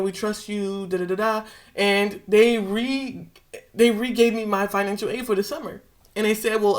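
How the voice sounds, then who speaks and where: Young woman, vlogger, casual storytelling, emotional, slangy, mid pitch. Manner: emotional, animated retelling with slang.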